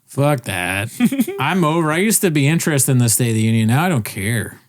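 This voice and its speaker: A man's voice: medium pitch, lively intonation, fairly quick, no echo, clean studio sound. A man co-hosting a podcast in casual chat, jokey and laughing often. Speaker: podcast co-host.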